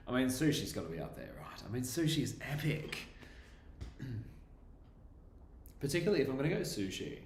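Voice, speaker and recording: A young man chatting casually on a live stream, laughing often as he reads out viewer comments. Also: on the low side. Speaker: livestreaming bass trombonist. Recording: echoey room with faint background noise.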